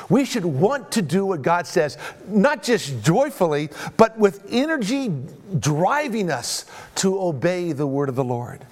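A middle-aged man preaching a sermon as a pastor, repeating phrases for emphasis and often asking the congregation "right?". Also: fairly high pitch.

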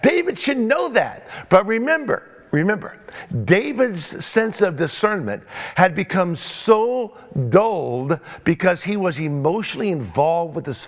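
A man's voice: sits high, fairly bright tone. A man preaching a sermon, emphatic, full of rhetorical questions and repetition.

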